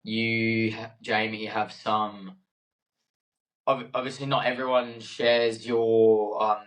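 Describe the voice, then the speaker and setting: A man's voice: lowish voice, little pitch movement, takes it slowly, a bit bright, low-quality recording. Hesitant young man chatting on a podcast. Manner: hesitant, many fillers and restarts, laughs easily. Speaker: podcast co-host. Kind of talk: casual chat.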